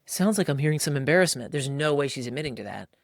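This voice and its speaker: Animated man with a dry, close sound. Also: fairly high pitch, fast, gravelly, dry recording. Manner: animated, acts out voices. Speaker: podcast host. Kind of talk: casual coaching talk.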